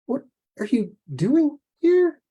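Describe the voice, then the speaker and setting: A man's voice: very high-pitched, very animated, normal speed, a little mellow, pitched above the performer's own voice. A man voicing a frightened young mother who asks startled, tense questions.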